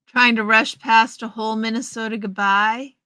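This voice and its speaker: A woman's voice: fairly high pitch, fairly even intonation, moderate pace, pushed and bright, dry recording, soft background music, low-quality recording. A woman hosting a casual livestream, chatting with viewers and answering their messages by name. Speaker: livestream host. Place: home, in front of a green screen. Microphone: headset earpiece.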